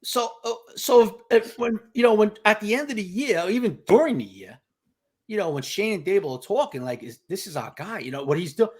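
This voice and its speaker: This man's voice sits high and sounds expressive, a little mellow and husky, and he talks a bit quickly. He's an insider guest on a sports podcast, speaking emphatically and telling stories peppered with "you know" and "okay" in casual sports chat.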